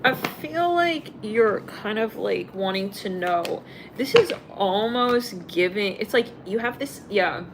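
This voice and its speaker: A young woman gives a casual live tarot reading in a medium-pitched, animated voice, speaking slowly over background noise. She rambles and talks bluntly, peppering her words with fillers and swearing.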